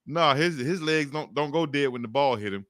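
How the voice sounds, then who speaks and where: A man's voice: fairly high pitch, normal speed, a bit bright, no echo, studio quality. A man as a guest commentator in a casual sports debate, animatedly retelling the plays.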